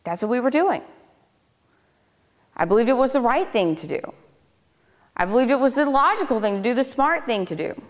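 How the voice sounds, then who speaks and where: A woman in her thirties speaks to a live audience in a lecture hall during a speaking tour, offering a conversational personal testimony with sarcastic, dry remarks. Her fairly high voice is animated and moves at normal speed, broken by long pauses, and the hall sounds reverberant.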